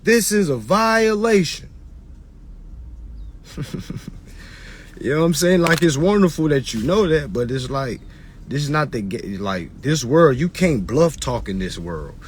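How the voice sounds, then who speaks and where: A man's voice: mid-range voice, lively intonation, normal speed, darkish tone, a little hiss or hum. A man lecturing his live-stream followers in casual, preachy talk, repeating his points and mocking people in put-on voices. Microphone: phone on a live stream.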